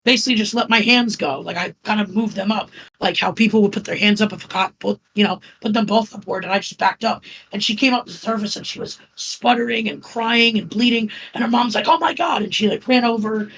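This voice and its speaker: A woman from Florida, a podcast guest, telling a story in a calm, even way with many fillers. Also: mid-range voice, fairly quick, a little hiss or hum, poor audio. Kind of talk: casual storytelling.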